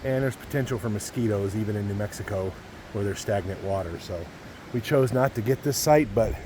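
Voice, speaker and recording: A man's voice: lowish voice, fairly quick, background noise. Middle-aged man chatting on a backpacking trip. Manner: folksy, chatty, addresses viewers as folks. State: a little out of breath. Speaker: backpacking vlogger. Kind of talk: casual outdoor vlog narration. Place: outdoors in mountain woods.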